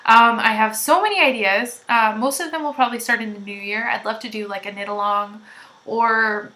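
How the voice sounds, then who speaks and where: A woman hosting a knitting podcast, chatting loudly to viewers in a gushing, rambling way. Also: a little high, moderate pace. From Canada. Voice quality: loud. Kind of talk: casual chat to viewers.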